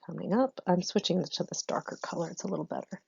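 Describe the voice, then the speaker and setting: A woman's voice: lowish voice, fast, creaky, dark tone, husky, highs cut off. A woman teacher explaining a lesson patiently to students in a recorded online class, with frequent ums.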